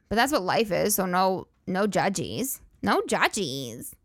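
A woman's voice: medium pitch, sing-song, slow, pauses often, slightly rough, dry recording. A woman hosting a comedy podcast, rambling through profane, giggly riffs. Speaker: podcast host. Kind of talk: casual comedic monologue.

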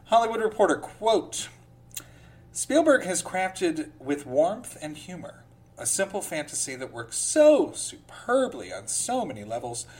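A podcast host reading film reviews aloud in a casual way, with sarcastic asides between the quotes and a slide into a pompous reading voice. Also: medium pitch.

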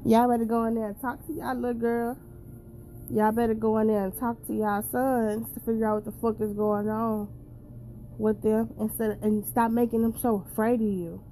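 Vlogger woman, fairly high and mellow voice; blunt, heavy swearing, preachy casual rant. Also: flat delivery, moderate pace, a little hiss or hum. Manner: blunt, profane and preachy, addressing viewers directly. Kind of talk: casual straight-to-camera rant.

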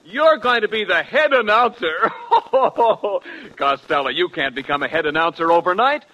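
A man playing a smooth, pompous radio announcer in a 1940s radio comedy. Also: high-pitched, lively intonation, measured pace, sharp tone. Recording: dull old radio broadcast.

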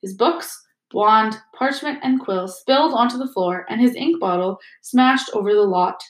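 A woman teacher reading a chapter book aloud to her students in a steady, expressive way. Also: fairly high pitch, measured pace, reverberant, rough recording. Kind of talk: storybook read-aloud.

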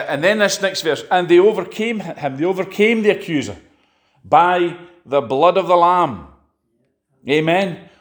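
A man preaching a sermon, halting and restarting often and asking the congregation rhetorical questions. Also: fairly high pitch, reverberant. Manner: halting, with frequent fillers and restarts.

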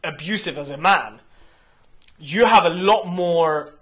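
A man's voice: on the high side, takes it slowly, a bit bright. A young man speaking frankly and profanely in casual conversation, telling stories animatedly and often restarting his sentences. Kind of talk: candid casual chat.

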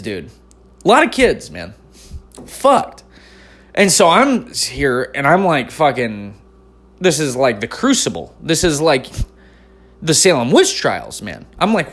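A stand-up comedian man from North Carolina telling a long personal story, swearing often and swinging between loud outbursts and mumbled asides. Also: mid-range voice, sing-song, moderate pace. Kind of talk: profane comic storytelling.

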